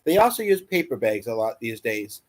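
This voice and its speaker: This livestream host's mid-range voice swings widely in pitch at a normal speed. He chats casually and rambles through an ordinary story, peppered with fillers and false starts.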